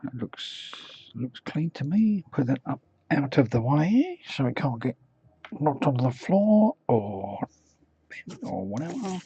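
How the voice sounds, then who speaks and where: Mellow man muttering while he works. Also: mid-range voice, sing-song, takes it slowly, slight background noise. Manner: mutters to himself and hums idle tunes between remarks. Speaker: miniature painting streamer. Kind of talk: casual live-stream commentary while working. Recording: dull lo-fi stream audio.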